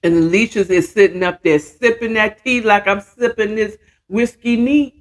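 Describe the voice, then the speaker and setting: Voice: medium pitch, normal speed. A podcast host, casually retelling a story in a chatty, slangy way and acting out the characters' lines.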